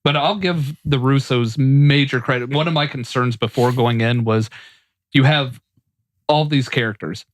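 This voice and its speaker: A mid-pitched man talking on a podcast, close to the mic with a dry sound. He lays out his points steadily and explains his thinking. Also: moderate pace, no room sound. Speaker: podcast co-host. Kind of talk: casual movie review chat.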